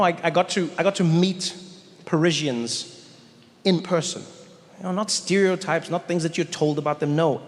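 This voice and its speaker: Stand-up comedian man in a big hall. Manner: animated, jumps up in pitch for quoted voices. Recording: long hall reverb, faint noise.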